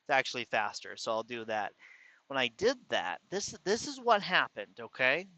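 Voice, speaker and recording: Bright-voiced man with a slight lisp. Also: mid-range voice, huge pitch swings, normal speed, no room sound. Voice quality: slight lisp and slurred words. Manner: rambling, self-correcting. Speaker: vlogger. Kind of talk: casual venting story. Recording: dull lo-fi sound.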